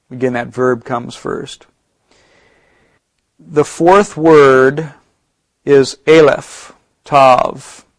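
A man talks through a Bible study in a relaxed, explanatory way. He slows right down on the points he wants to land, and his voice sits at an ordinary middle pitch. The recording is close and dry. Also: no room sound, poor audio. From United States. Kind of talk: casual Bible teaching talk.

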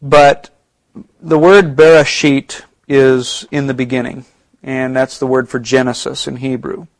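A man giving a casual Bible study talk, explaining points patiently and slowing down to stress the key ones. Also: mid-range voice, little pitch movement, no room sound, poor audio. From United States.

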